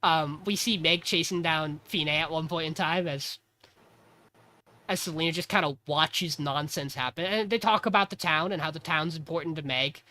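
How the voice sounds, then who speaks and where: Bright-voiced man recapping an episode. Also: a little high, moderate pace. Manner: animated, acts out character lines. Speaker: podcast host. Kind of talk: casual chat recapping an anime episode.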